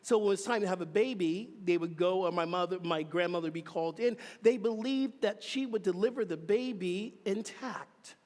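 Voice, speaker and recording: A man giving a sermon as reverend, telling animated personal stories with chatty asides to the congregation. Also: high-pitched, normal speed, few pauses. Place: church hall. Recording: reverberant hall.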